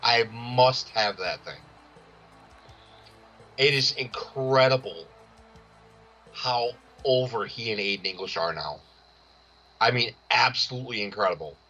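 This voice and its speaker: A man co-hosting a casual wrestling video game stream, bantering excitedly and laughing. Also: medium pitch, unhurried, long pauses, muffled recording, faint music behind. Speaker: co-host.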